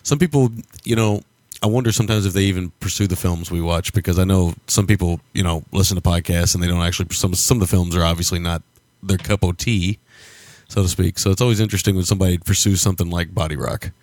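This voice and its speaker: A man co-hosting a film podcast in casual chat, talking quietly. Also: fairly even intonation, fast, dry recording. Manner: speaks quietly, soft and low. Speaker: podcast co-host.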